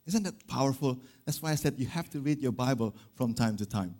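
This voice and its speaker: A man preaching a sermon, retelling a Bible story with lively acted-out quotes and frequent repeated words. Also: medium pitch, fairly quick. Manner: animated, acts out voices in quotes, repeats words.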